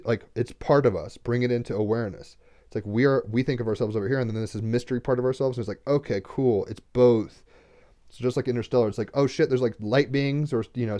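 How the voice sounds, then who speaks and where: A young man reads cards on a home livestream, talking earnestly and rambling in a casual spiritual way, using fillers like "like" and "right?". His medium-pitched, mellow voice moves quickly with fairly even intonation, and he gets emotional, sometimes near tears.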